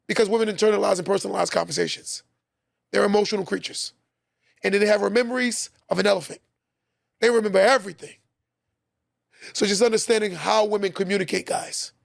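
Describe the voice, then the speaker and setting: A man hosts a podcast and lectures his listeners on relationships, hammering each point home by saying it again. His voice sits high and is thick with gravel. The sound is close and dry, with no room around it. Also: steady tone, fast talker, pauses often, no echo. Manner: preachy, repeats points for emphasis. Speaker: podcast host. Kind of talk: advice talk to listeners.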